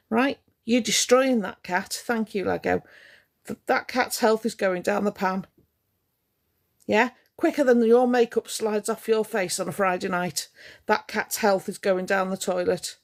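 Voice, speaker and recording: A woman livestreaming, bluntly cross and sarcastic as she reads and answers her chat. Her voice is mid-pitched with a gravelly, creaky edge. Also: fairly even intonation, measured pace. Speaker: livestream host. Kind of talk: ranting livestream talking to chat.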